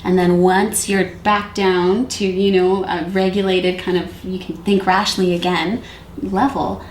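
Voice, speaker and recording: A woman who works with high-risk youth, talking calmly and reflectively about parenting, with many fillers. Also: unhurried. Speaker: youth worker. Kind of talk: conversational discussion on parenting. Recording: echoey room with faint noise.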